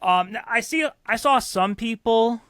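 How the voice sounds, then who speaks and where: A man's voice: extremely high pitch, lively intonation, unhurried, a bit bright, clear, resonant tone, dry recording, clean studio sound. A man co-hosting a podcast, talking casually and rambling with fillers and restarts. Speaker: podcast co-host. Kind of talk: casual chat.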